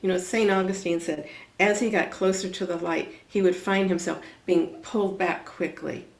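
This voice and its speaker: Female interview guest, counselor type, measured explainer, lower voice, echoey room sound. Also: fairly even intonation, vocal fry. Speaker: podcast guest, spiritual counselor. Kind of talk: conversational interview. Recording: roomy echo.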